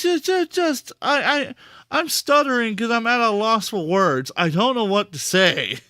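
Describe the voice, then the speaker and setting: A man's voice: very high-pitched, bright, forceful tone, dry recording, clean studio sound. A man hosting a live stream, talking casually and repeating himself in disbelief, stammering for words. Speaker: podcast host and streamer.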